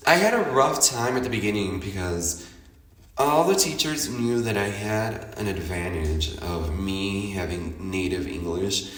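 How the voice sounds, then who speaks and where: Chatty low-voiced man with a Chicago accent. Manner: chatty and expressive, laughs often, theatrical quoted asides. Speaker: podcast host. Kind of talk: casual personal monologue. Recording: roomy echo, somewhat distant from the mic.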